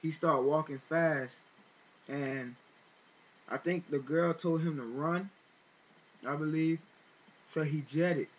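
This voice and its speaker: Guy ranting in a vlog, kinda high voice, lots of uh and you know, muffled lo-fi sound. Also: steady tone, slow, pauses often. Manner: rambling retelling with many fillers and restarts, indignant. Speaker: vlogger. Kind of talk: casual spoken commentary.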